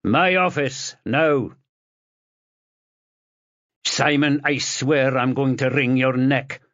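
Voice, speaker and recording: A man voicing a furious, blustering male police boss who scolds and shouts. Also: medium pitch, takes it slowly, no room sound, highs cut off, voice pushed up.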